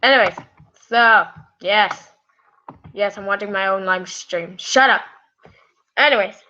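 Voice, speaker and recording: A woman reads fan fiction on a live stream in a mid-range, sharp-toned voice at a measured pace, sounding weary and scratchy-throated. She giggles, rambles, and keeps apologizing, all through muffled lo-fi sound.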